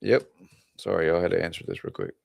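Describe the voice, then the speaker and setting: A man's voice: sits low, fairly even intonation, fast, creaky, dry recording, clean studio sound. A male relationship coach talking casually to his viewers, rambling and often laughing. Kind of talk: casual livestream talk to viewers.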